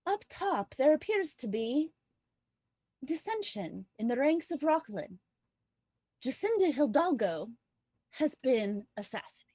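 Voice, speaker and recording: A woman's voice: high-pitched, sing-song, a little slow, pauses often, warm tone, husky, studio quality, heavily acted. Woman putting on an Irish goth newscaster. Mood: announcing. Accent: attempted Irish accent. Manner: newsreader delivery. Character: dogged, sneaky goth woman news reporter. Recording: roomy, distant mic.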